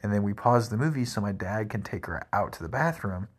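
Talking fairly quickly in a fairly low voice with a breathy edge, this man delivers a loose monologue of everyday tales. He's animated and rambling, and "like" and "crazy" pop up constantly.

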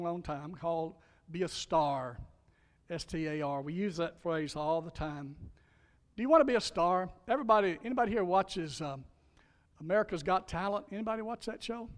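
A middle-aged man preaching a sermon as a pastor and chaplain, emphatic, asking the congregation questions, swinging between loud exhortation and soft hushed lines. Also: sits high. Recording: long reverb of a large hall.

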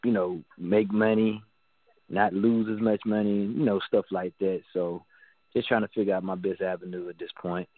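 A man's voice: lowish voice, steady tone, normal speed, no room sound. A man on a call, a van driver, talking casually and defending himself with a laugh. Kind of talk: casual chat. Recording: phone line with faint noise.

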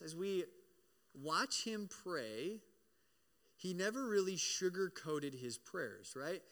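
A man preaching a sermon as pastor, in an animated, conversational way, often checking in with "right?" and acting out the prayers he quotes. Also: a little high. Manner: acts out prayers and voices in quoted lines. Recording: long hall reverb.

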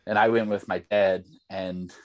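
This young man's voice is deep and a bit mellow, with little pitch movement and a moderate pace. Chatting casually as a podcast guest, he rambles through stories full of "like" and "bro."

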